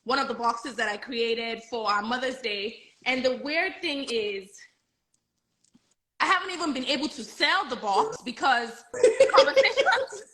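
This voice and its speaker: A woman's voice: fairly high pitch, animated, measured pace, noisy background. A woman hosting a casual live-streamed chat with a friend, bubbly and laughing often. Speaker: host.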